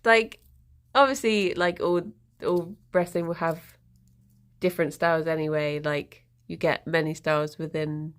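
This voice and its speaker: A woman's voice: sits low, steady tone, unhurried. A woman hosting a casual livestream, chatting to viewers and cooing to her pets with frequent giggles. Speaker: livestream host.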